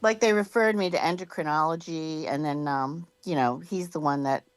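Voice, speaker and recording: A woman's voice: sits low, normal speed, dry recording. A woman being interviewed in a casual chat, rambling and filling her talk with "you know" and "like". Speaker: guest.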